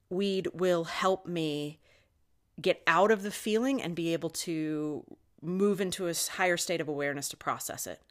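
A woman's voice: sits low, a little fast. A middle-aged woman hosting a podcast, giving a candid, confessional spiritual monologue and swearing freely. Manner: candid, swears often, talks openly about her feelings. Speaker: podcast host.

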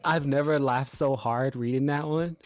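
A man telling stories on a podcast with loose, animated energy, peppering every sentence with slang and curses. His voice sits at an ordinary middle pitch. The sound is close and dry, with no room around it. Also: moderate pace, dry recording. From US West Coast. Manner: animated storyteller, swears, lots of "like" and "bro". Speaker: podcast co-host. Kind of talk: casual chat.

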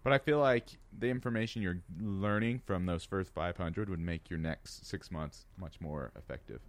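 A man's voice: low-pitched, moderate pace. A man in a casual chat, tossing in short playful quips and gross hypotheticals.

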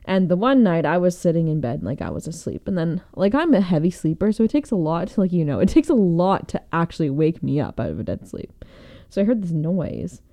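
A woman's voice: fairly low pitch, big pitch swings, brisk, mellow. A young woman casually telling a personal story, rambling with lots of fillers and frequent laughter. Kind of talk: casual chat.

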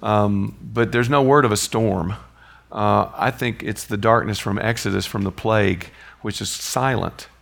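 A man's voice: fairly low pitch, measured pace, creaky, a bit bright. A man teaching a Bible study in a conversational way, often checking in with his listeners.

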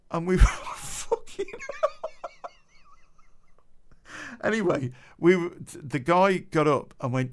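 A middle-aged man tells a personal story for a podcast. His voice swings widely in pitch, and he swears and laughs his way through it with plenty of fillers. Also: huge pitch swings, slow pace, long pauses. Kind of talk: casual anecdote telling.

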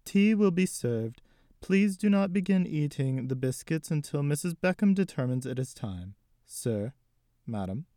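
A man's voice: a little high, animated, measured pace, mellow, dry recording, studio quality, voice pushed up. A man voicing a stiff, formal old butler with prim diction.

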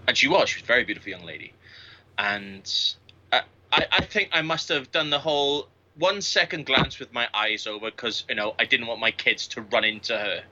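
A man's voice: on the low side, sharp tone, lo-fi sound. A man in his late thirties, a podcast guest, telling crude, boastful anecdotes full of swearing in casual chat. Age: 30s. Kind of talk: casual storytelling.

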